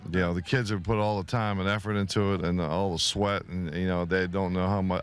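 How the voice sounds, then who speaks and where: A middle-aged man, a head football coach, speaking humbly and haltingly in a pregame interview. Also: low voice, flat delivery. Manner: humble, halting, many fillers.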